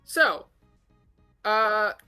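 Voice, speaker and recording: A woman running a tabletop game as game master, narrating with frequent fillers and pauses. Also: mid-range voice, clean tone, faint music behind. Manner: lively, halting, fillers.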